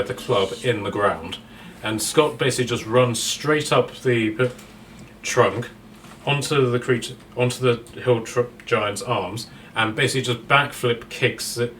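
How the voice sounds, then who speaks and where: A man's voice: medium pitch, fairly bright tone, far from the mic, a little hiss or hum. A man narrating a tabletop game as game master, rambling with many fillers and restarts.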